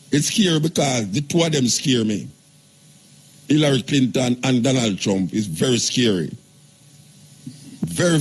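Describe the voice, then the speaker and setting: A man's voice: medium pitch, darkish tone, husky. Emphatic older Jamaican man. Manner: emphatic, rambling, speaks in patois. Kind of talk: live radio talk.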